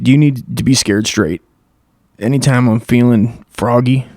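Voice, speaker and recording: A man's voice: mid-range voice, dark tone, no echo, clean studio sound. A man hosting a comedy show, riffing crudely in a rambling profane monologue. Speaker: comedy podcast host.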